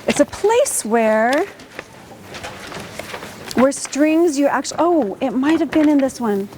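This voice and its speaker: A woman coaching a student orchestra in a school auditorium, lively and encouraging, asking the players lots of questions. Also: high-pitched, takes it slowly, a little hiss or hum. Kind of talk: rehearsal coaching.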